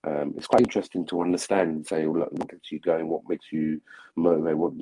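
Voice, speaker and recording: A man hosting a live stream, his voice very deep and dark with a husky edge. He rambles along in casual chat, piling up fillers as he talks. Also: flat delivery, fast, rough recording. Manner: rambling, filler-heavy, mimics relatives in a loud high voice.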